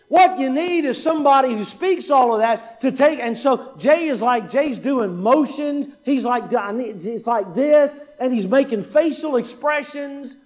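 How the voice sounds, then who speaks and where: A man with a very high voice delivers a sermon as pastor. He drives points home with repetition and rhetorical questions, and tells stories in a conversational way. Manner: emphatic, rhetorical questions, repeats key points.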